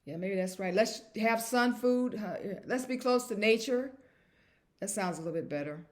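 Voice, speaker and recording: A woman's voice: mid-range voice, normal speed. A woman vlogger talking to camera in a casual monologue, emphatic and repetitive and chuckling at herself.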